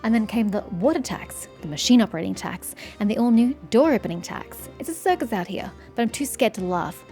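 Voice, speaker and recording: A woman's voice: fairly high pitch, animated, brisk, mellow, faint music behind. A woman voicing a jittery overtaxed merchant. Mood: nervous. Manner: anxious, rising and pleading.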